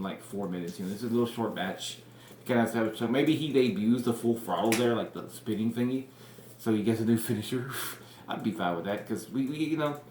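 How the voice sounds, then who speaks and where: Low-voiced man rambling in a roomy space. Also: a little mellow, slight background noise. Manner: rambling, full of "like" and "you know", acts out quotes; blunt, swears freely. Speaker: wrestling fantasy-booking vlogger. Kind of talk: casual rambling monologue. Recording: roomy echo.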